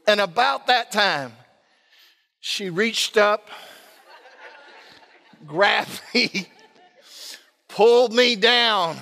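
Male pastor, animated storyteller, self-mocking sermon, ringing sanctuary sound. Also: sits high, extremely slow, pauses often, in a large hall.

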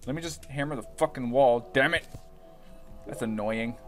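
A young man giving casual, profane let's-play commentary, rambling and breaking into excited yells. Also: mid-range voice, normal speed, faint music behind. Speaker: gaming YouTuber.

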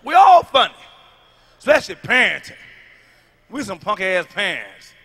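A man doing a stand-up comedy routine, loud and emphatic, hammering his punchlines over and over with a delivery. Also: high voice, big pitch swings, moderate pace, husky.

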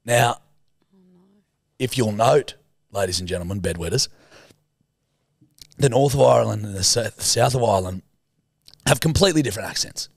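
A man's voice: lowish voice, expressive, normal speed, creaky, long pauses, slightly rough, no room sound, studio quality. An Australian man co-hosting a podcast, telling a crude, joking story in casual chat. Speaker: podcast co-host.

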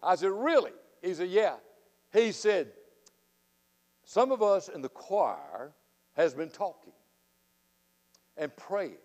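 Fiery Southern preacher in a reverberant church. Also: male voice, big pitch swings, slow, long pauses. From Florida. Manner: folksy and fiery, swinging from loud outbursts to low asides. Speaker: guest revival preacher. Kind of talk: revival sermon with storytelling. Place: church sanctuary. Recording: long reverb of a church sanctuary.

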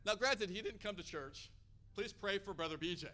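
Pastor guy from hawaii, high bright voice, energetic sermon storytelling. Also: moderate pace.

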